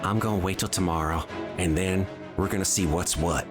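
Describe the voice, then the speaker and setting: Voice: low-pitched, fairly even intonation, a little fast, music in the background, pitched below the performer's own voice, lightly acted. The game master voicing a small winged elephant-like celestial who is fed up and lets it out in a rising, exasperated outburst. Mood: commanding.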